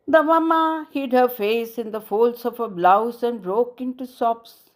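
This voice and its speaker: A woman narrating a classic short story as an audiobook, in a measured, even storytelling manner. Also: a little high.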